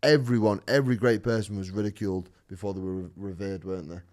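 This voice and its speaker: Man, fighter guest; low, mellow, quick earnest chat with swearing. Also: fairly even intonation. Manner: earnest, swears freely, repeats himself. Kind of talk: casual podcast chat.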